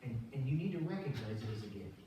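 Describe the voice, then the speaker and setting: This older male pastor has a mid-range voice and speaks fast, giving a conversational, animated sermon with acted-out voices in the church sanctuary. The very echoey room is recorded from far away, with background noise.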